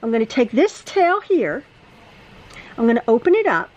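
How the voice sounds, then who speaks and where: A woman with a fairly high voice talks through a quilting step in her home sewing room. She chats as she goes, repeating herself and restarting words, a little out of breath. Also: very animated, moderate pace, darkish tone, highs cut off. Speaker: quilting teacher. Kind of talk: casual sewing tutorial.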